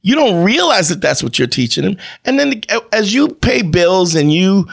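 A man's voice: sits high, very animated, normal speed, vocal fry. A man talking as a podcast guest in casual, opinionated chat, emphatic and prone to repeating himself and restarting phrases.

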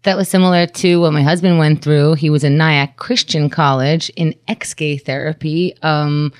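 A married woman in casual chat, telling a personal story in an earnest, measured way. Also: low-pitched, fairly even intonation, darkish tone, no echo.

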